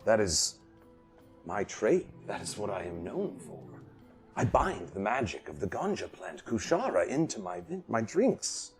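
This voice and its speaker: A man's voice: on the low side, measured pace, faint music behind. A man narrating as dungeon master in a tabletop game, talking animatedly and voicing the characters. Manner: animated, drops to a hushed voice for a character, bursts into loud outbursts.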